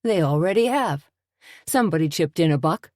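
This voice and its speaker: A woman's voice: fairly low pitch, expressive, normal speed, darkish tone, no room sound, clean studio sound, close to an everyday voice. A woman voicing a scruffy, dim-witted, scheming man who speaks in folksy slang. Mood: boastful.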